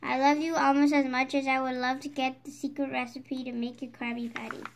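A woman's voice: high voice, level tone, fairly quick, gravelly, a little hiss or hum. A young woman voicing a tiny, scheming plankton villain in a melodramatic, pompous way while reading a storybook.

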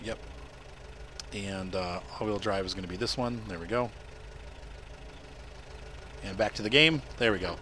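A man's voice: on the low side, unhurried, long pauses, pushed and bright, a little hiss or hum. A middle-aged man casually narrating a game as he plays, explaining each step as he goes. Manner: chatty, explains as he plays, talks to family off-mic. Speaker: gameplay streamer. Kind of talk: casual gameplay commentary.

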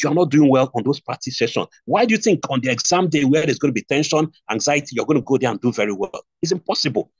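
A man's fairly high voice with a breathy edge leads an online nursing exam review class, with no room sound. He speaks with a Nigerian accent, repeating key points and asking rhetorical questions, and the stream audio is dull and lo-fi.

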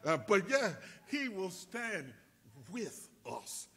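Fervent husky-voiced male preacher. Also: high voice, very animated, takes it slowly. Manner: fervent preaching that builds to shouted peaks. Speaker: pastor. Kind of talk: sermon.

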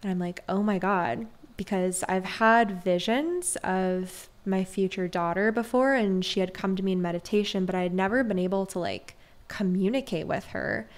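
A woman guest on a podcast, a breathwork mentor, telling stories in an animated, chatty way, often saying "like". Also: mid-range voice, normal speed. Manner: animated, peppered with "like". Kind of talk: conversational storytelling.

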